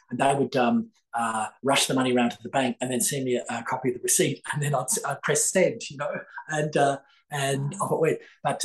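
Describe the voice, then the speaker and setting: This older man from Australia is a psychic author being interviewed on a podcast, and he rambles through a lengthy story with plenty of fillers and false starts. His pitch sits in the middle range, and the audio quality is poor.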